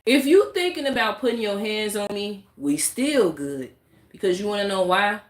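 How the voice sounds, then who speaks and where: A woman's voice: medium pitch, lively intonation, normal speed. Emphatic woman ranting, echoey room. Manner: emphatic and repetitive, talks with her hands. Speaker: YouTube vlogger. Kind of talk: candid vlog rant to camera.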